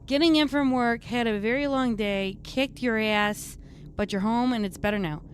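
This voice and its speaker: A woman's voice: on the high side, moderate pace, a little hiss or hum, close to an everyday voice. A woman playing a brash, foul-mouthed redcap fae, a tough mechanic, who chats in character on a live stream with a New York-ish accent and rambling, streetwise talk. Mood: gruff banter.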